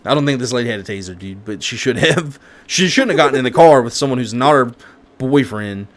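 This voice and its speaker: A man co-hosting a casual chat, recapping a movie in a rambling, animated way with lots of restarts and slang. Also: medium pitch, a little fast. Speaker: co-host.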